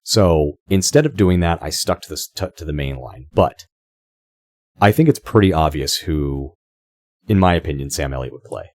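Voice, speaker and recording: A man's voice: rumbling low, animated, moderate pace, a little mellow, dry recording, studio quality. A man co-hosting a podcast, talking casually, swearing freely and often restarting his sentences. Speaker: podcast co-host.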